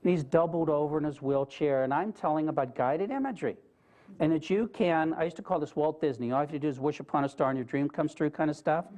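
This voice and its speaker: A man's voice: a little high, quick pace, a little mellow. A man giving a talk to a live audience, telling stories in an earnest, conversational way and putting questions to the listeners. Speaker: guest speaker. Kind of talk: storytelling lecture to an audience. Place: lecture room with a live audience.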